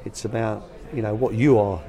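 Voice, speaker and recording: With a lowish voice, fairly even intonation and a normal speed, an older man recounts his days managing a youth academy. His interview answers are anecdotal and colloquial, he acts out quoted voices, and crowd noise runs underneath.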